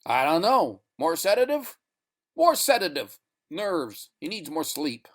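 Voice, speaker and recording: A man doing a calm rescuer. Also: a little high, unhurried, voice pushed up, full character voice. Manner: calm and reassuring. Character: calm male spaceship rescuer, soothing.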